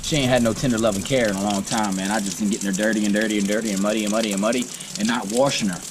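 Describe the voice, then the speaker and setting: A man's voice: lowish voice, steady tone, very fast, reverberant. A young man with a Southern American accent, casually rambling to his vlog camera at home, recorded on a noisy camera mic. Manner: easygoing, rambling. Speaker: vlogger.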